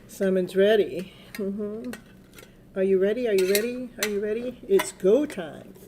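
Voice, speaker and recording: A woman's voice: mid-range voice, background noise. A woman giving a casual tarot reading, chatting, laughing often and coaxing her dog. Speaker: tarot reader.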